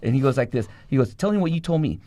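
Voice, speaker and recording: A middle-aged man tells his story at a rapid clip, profane and animated, jumping from one scene to the next. His voice sits at a medium pitch and is recorded close and dry, with no room sound. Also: no echo. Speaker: guest. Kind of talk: storytelling interview.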